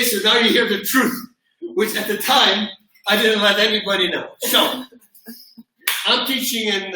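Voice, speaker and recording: A middle-aged man hosting a livestream, telling stories casually and loudly acting out what people said, from a mic across a large gym. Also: sits high. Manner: animated storyteller who acts out quotes loudly. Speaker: host and martial arts coach. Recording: echoey gym, far from mic.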